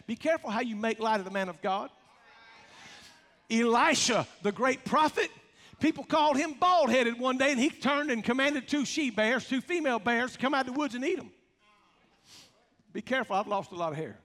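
A man's voice: extremely high pitch, expressive, normal speed, a bit bright. A man preaching a folksy, emphatic sermon, joking and calling out to his congregation. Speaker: pastor. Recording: long reverb of a large hall.

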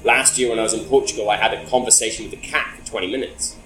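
Low-voiced man telling a rambling story. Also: steady tone, fast talker, roomy sound, over music, low-quality recording. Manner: rambling, swears often, laughs between phrases. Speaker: interviewee. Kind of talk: casual storytelling.

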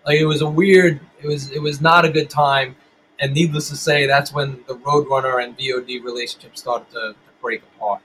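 A man's voice: mid-range voice, steady tone, brisk, fairly bright tone, a little hiss or hum, low-quality recording. A middle-aged man and band musician, telling stories in a casual interview with lots of swearing and rambling restarts.

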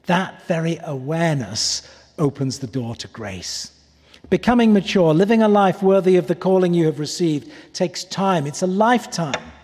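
Husky preacher in a reverberant hall. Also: male voice, fairly high pitch, lively intonation, normal speed. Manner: earnest, pleading, drops softly on key words. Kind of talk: sermon. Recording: long reverb of a large hall.

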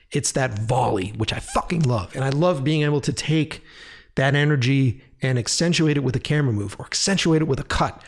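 A man talking casually and animatedly about video editing, swearing freely and acting out his own excited reactions. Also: medium pitch. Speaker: video editor and director. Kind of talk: casual rambling monologue.

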